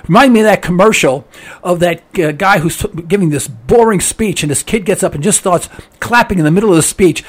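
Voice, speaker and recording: A man hosting a call-in talk radio show, hoarse with laryngitis, ranting with exasperation and repeating himself. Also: high-pitched, fairly bright tone.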